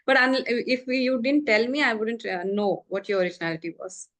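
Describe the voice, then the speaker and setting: A woman's voice: on the high side, fairly even intonation, fairly quick, a bit bright. A woman interviewing a guest, who asks her questions in a loose, searching way.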